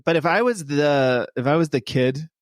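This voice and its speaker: Wry storytelling dad, dry sound. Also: male voice, a little high, lively intonation, normal speed, dry recording. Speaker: comedian guest. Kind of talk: casual chat.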